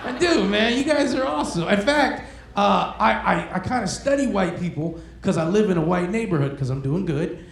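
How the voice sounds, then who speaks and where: A man's voice: sits high, animated, normal speed, vocal fry. A man doing a stand-up comedy set in a club, talking casually and crudely as he teases the crowd. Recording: echoey club room with crowd noise.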